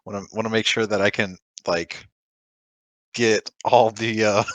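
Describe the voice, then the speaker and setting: A man's voice: fairly low pitch, level tone, a little slow, no echo. A man playing a tabletop game, laid-back with dry jokes. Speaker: player. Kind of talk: casual chat.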